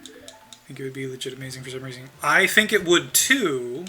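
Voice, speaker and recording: A man's voice: medium pitch, expressive, fairly quick, sharp tone, soft background music. A man streaming a video game, chatting casually and answering chat in a rambling way with frequent ums.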